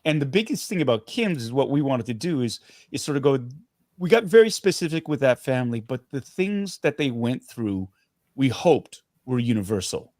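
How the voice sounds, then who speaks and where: A middle-aged man from Canada, a guest actor speaking in a casual interview, earnest and animated, often restarting his sentences. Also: medium pitch, normal speed, dry recording, studio quality.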